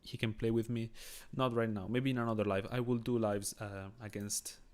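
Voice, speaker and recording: A Swiss man, not a native English speaker and with a Swiss accent, chats with viewers and thinks aloud through a chess game on a live stream. His voice is lowish, his delivery flat, his speed normal.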